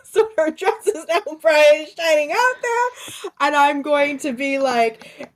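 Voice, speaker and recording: A woman's voice: high-pitched, sing-song, takes it slowly, noisy background. A woman playing a tabletop game, laughing and swearing playfully while describing her character's actions. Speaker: player.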